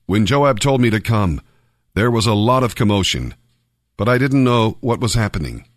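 A man's voice: on the low side, animated, moderate pace, no echo, studio quality, close to an everyday voice. A man reading the lines of an eager young messenger who pleads to be sent. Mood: hesitant.

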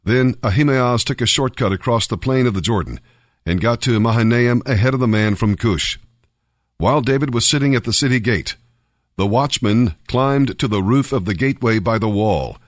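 A man reading a Bible passage aloud as scripted narration, in a measured, even way. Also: medium pitch, dry recording, clean studio sound. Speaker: Bible reader.

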